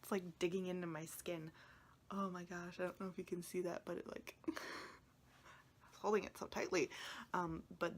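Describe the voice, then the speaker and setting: A tarot video creator talks casually to viewers in a vlog, emotional and close to tears, rambling and often dropping into a whisper. Her lowish voice has a level tone at normal speed, with long pauses and slight background noise.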